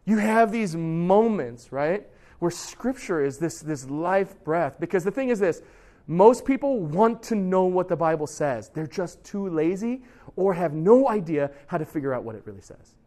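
A man with a fairly high-pitched voice gives a lively, conversational Bible talk to a youth group. He keeps checking in with his listeners and acts out little quoted voices as he goes. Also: moderate pace. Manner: conversational, asks the listeners questions.

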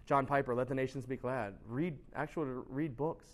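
A man giving a casual, animated sermon as a pastor, often asking "right?" and laughing at himself. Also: medium pitch, moderate pace. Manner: chatty, animated, constant rhetorical "right?"; laughs at himself, shouts for emphasis.

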